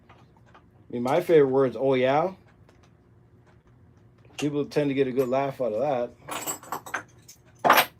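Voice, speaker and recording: Hiss or hum lightly colors the audio as a Midwestern-accented man, mellow and medium-pitched, hosts a livestream. He works on a task while chatting in a relaxed, rambling manner.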